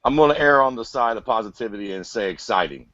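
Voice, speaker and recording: A man's voice: medium pitch, animated, fast, fairly bright tone, no echo, lo-fi sound. A man co-hosting a casual podcast about fighting, crude and joking, with a lot of cursing. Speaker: podcast co-host. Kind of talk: casual MMA chat.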